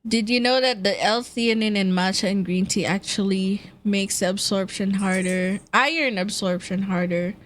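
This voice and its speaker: A woman's voice: mid-range voice, moderate pace, hardly any pauses, a little hiss or hum. A young woman streamer, chatting casually in slang and laughing often. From Philippines. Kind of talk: casual live-stream chat.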